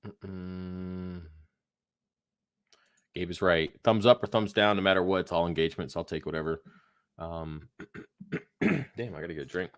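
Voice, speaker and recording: A man's voice: low-pitched, unhurried, pauses often, no echo. A man hosting a live aquarium Q&A stream, tired and phlegmy, rambling casually with lots of fillers and swearing. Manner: laid-back, rambling, swears freely, many fillers. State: tired, yawning, phlegmy throat. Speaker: aquarium livestream host. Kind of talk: casual live Q&A, reading chat questions.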